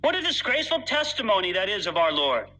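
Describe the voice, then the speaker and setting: High bright-voiced male preacher. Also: very animated, quick pace, poor audio. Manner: earnest, emphatic, reads scripture dramatically. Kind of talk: sermon.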